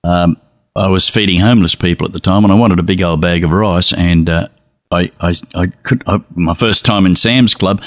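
A man's voice: low-pitched, dry recording, clean studio sound. A man hosting a casual chat, a chatty storyteller who laughs easily. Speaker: host.

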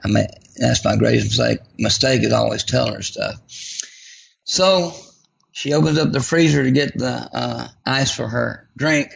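A man recounts a personal story in a folksy, self-deprecating manner. His voice is heavily gravelly and husky. The recording sounds dull and lo-fi. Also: medium pitch, normal speed. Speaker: guest.

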